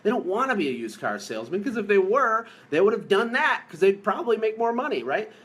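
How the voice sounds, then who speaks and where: Upbeat male coach from the US, a bit higher-voiced, joking and hammering key points on a live stream. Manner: energetic, jokey, emphatic, repeats key phrases. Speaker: business coach.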